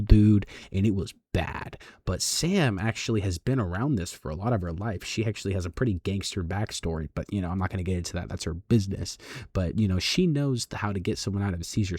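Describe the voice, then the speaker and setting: A man's voice: sits low, darkish tone, no echo, clean studio sound. A young man casually telling a story to his viewers, slangy and swearing often. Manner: slangy, swears, ends phrases with "bro". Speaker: vlogger.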